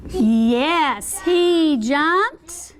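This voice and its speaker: A woman's voice: high-pitched, lively intonation, drawn-out words. A woman teacher in a classroom, teaching vocabulary to young children, asking questions and encouraging them to act out words.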